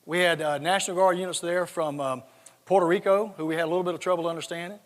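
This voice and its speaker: A man's voice: high-pitched, steady tone, fast talker. A man in his sixties from South Georgia with a Southern accent, telling folksy, joking stories in a keynote speech. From South Georgia, USA. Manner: folksy, joking, repeats words when starting a thought. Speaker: conference speaker. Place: large conference hall. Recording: reverberant conference hall.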